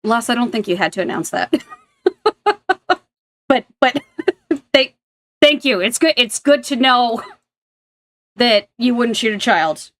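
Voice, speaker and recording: A woman's voice: medium pitch, fairly bright tone. Blunt swearing woman streamer. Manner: blunt, swears freely, rambling asides. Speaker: streamer reacting to clips. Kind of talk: casual reaction commentary.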